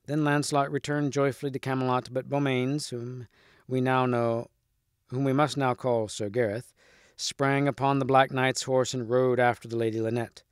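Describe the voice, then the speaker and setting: List: male teacher, storybook read-aloud, steady, middle pitch, dry close sound. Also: moderate pace, smooth, dry recording.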